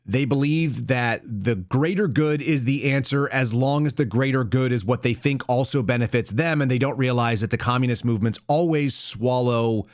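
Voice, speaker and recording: A man's voice: medium pitch, moderate pace, few pauses, no room sound, studio quality. A man hosting a live political commentary show, talking casually and bluntly with sardonic, rambling asides. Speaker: podcast host.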